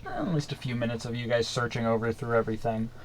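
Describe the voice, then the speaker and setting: A man's voice: medium pitch, fast talker, slight background noise. Hesitant game master man, full of ums. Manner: hesitant, many ums and uhs. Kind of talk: narrating a tabletop game.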